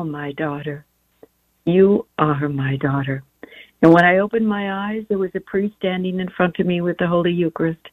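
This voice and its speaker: Woman telling her faith story on a call-in, earnest, tinny phone sound, mid-pitch. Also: no room sound. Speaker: guest on a religious radio show. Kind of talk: personal testimony.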